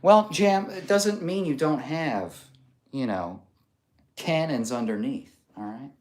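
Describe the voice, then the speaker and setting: A man hosting a relaxed live stream, reading viewer comments aloud and riffing on them with easy laughter. His pitch moves around a lot, rising and falling as he jokes. He talks in a casual, chatty way from an indoor setup. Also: takes it slowly. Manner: playful, laughs often, reads comments aloud.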